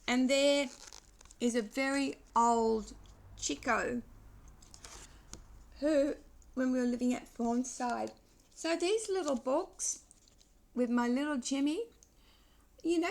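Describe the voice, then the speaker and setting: A woman in her sixties talking through memories in a personal vlog, reflective and wandering, pausing and restarting as she goes. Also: sits high. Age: 60s. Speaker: vlogger.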